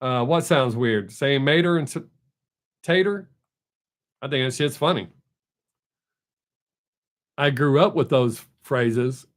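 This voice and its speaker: This live-stream host, a middle-aged man, has a mid-range voice and takes his time, pausing often. His casual chat with viewers wanders, gets profane, and keeps restarting.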